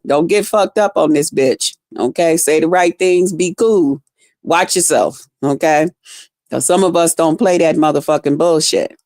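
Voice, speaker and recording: A woman vlogger telling a story in a casual, profane, animated way, jumping into loud reenactments of herself. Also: low-pitched, dry recording, studio quality.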